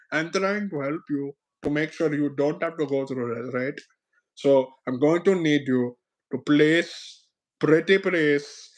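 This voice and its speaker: A man's voice: fairly high pitch, close to an everyday voice. A man playing a pushy, overly polite male phone scammer who pleads and keeps saying sir, in an improvised comedic phone role-play.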